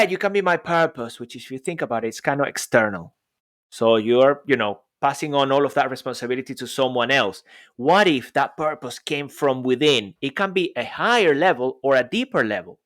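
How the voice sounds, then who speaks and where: A man co-hosting a podcast in casual chat, lively and jokey, his voice jumping up and down. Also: medium pitch. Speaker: podcast co-host.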